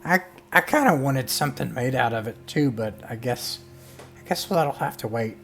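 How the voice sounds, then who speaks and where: A man's voice: mid-range voice, lively intonation, moderate pace, a bit bright. A man voicing an eager, friendly young male companion who speaks hesitantly and wheedles a bit. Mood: wistful.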